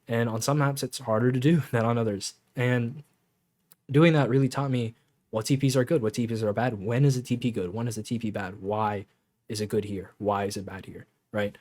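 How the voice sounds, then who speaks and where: Male coach, mid-pitched, easygoing, talks players through their mistakes with a chuckle and a loose tongue. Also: fairly even intonation, brisk, a little mellow. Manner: laid-back, chuckles often, swears casually. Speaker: game coach. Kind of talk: casual coaching talk over gameplay footage.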